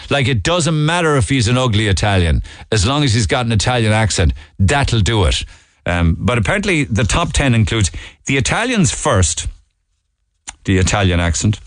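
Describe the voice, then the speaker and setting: A man's voice: medium pitch, sing-song, normal speed, no echo. A middle-aged Irish man hosting a radio talk show, running through the day's stories in a chatty way with fillers and asides. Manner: chatty, with fillers and asides, voice leaping up when indignant. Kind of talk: casual talk radio monologue.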